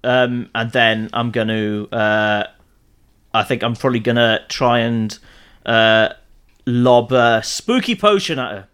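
A man playing a tabletop game, talking casually and hesitantly with many pauses. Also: medium pitch, fairly bright tone, clean tone. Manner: hesitant, full of ums and uhs. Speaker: player.

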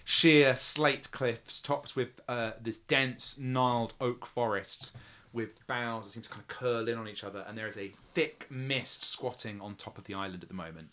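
A man running a tabletop role-playing game as game master, describing scenes in a halting way, with restarts and fillers. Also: mid-range voice, bright, forceful tone.

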